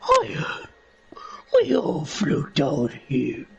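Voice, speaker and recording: A man voicing a sinister, taunting clown with a deep second voice layered under his own. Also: huge pitch swings, extremely slow, vocal fry, a bit bright, slightly rough, heavily acted. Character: sinister clown, teasing and creepy.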